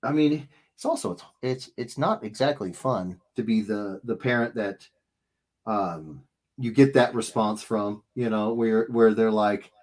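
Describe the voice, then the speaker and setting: A man hosting a casual live stream, telling stories in a rambling, animated way with many restarts. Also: on the low side, a little slow. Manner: rambling, self-interrupting, animated storytelling. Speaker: livestream host. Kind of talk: casual chat.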